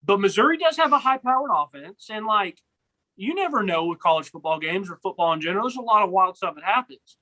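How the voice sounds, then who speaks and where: High, bright-voiced man rambling about sports. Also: lively intonation, quick pace, poor audio. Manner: rambling, many restarts and repeated words. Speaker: podcast co-host. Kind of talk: casual sports chat.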